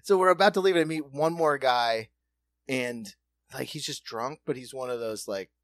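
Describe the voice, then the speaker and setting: A man telling a long story on a podcast in a lively, animated way, acting out other people's voices and laughing often. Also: medium pitch, normal speed, dry recording. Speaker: podcast co-host. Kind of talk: casual storytelling chat.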